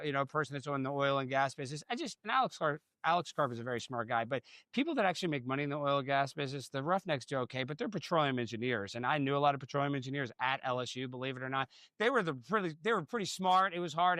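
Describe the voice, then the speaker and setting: Guy in his 30s, casual panel talk, rambly storyteller, kinda high voice, dry close mic. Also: no room sound. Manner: rambling, restarts often, animated storytelling.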